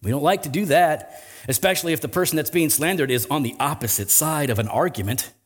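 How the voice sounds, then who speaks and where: A man's voice: a little high, fast. A male pastor preaching a conversational sermon, often tossing in "right?" asides and building to emphatic swells.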